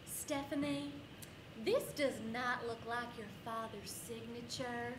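A stern middle-aged schoolteacher, put on by a woman storyteller, slow and pointed as she presses a student. The voice sits high and carries through an echoey room over a bed of background noise. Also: fairly even intonation. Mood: suspicious.

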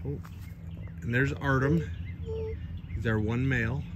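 A man walking around his farm and new food truck, chatting excitedly and then muttering quietly to himself. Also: mid-range voice, a little slow, lo-fi sound, background noise. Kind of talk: casual walk-around vlog. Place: outdoors on a farm with animals.

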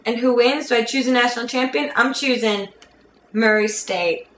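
A woman's voice: fairly high pitch, moderate pace, fairly bright tone, reverberant, a little hiss or hum. A woman vlogger from near Philadelphia, chatting casually with playful, sarcastic asides. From United States, near Philadelphia. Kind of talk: casual jokey vlog.

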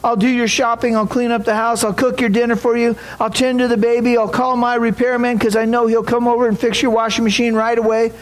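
A man's voice: very high-pitched, level tone, a little fast, hardly any pauses, rough recording. A man voicing a cheerful, kind older woman who soothes a caller with motherly reassurance, in a sermon story. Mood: soothing.

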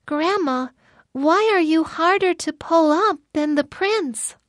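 A woman voicing a gentle, naive young girl locked in a tower, read softly for a storybook. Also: extremely high pitch, expressive, takes it slowly, no room sound, studio quality, full character voice. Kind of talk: storybook reading.

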